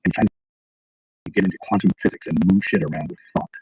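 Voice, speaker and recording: A man telling stories in casual conversation, animated, acting out the people he quotes. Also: deep voice, a little fast. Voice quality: husky. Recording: dull lo-fi sound.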